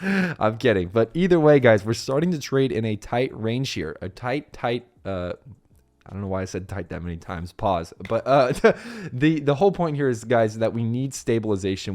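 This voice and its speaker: An upbeat man hosting a casual finance vlog, hyped and chatty, constantly calling his viewers guys. He rambles and jokes at himself, with a slightly low voice. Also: a little mellow. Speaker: finance YouTube host.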